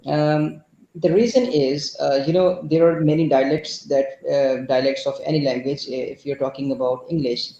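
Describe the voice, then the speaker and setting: A man's voice: fairly high pitch, steady tone, normal speed, warm tone, reverberant, lo-fi sound, slight background noise. A man with a Pakistani accent explaining a point in an online class, hesitant, with many fillers and restarts. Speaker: class participant.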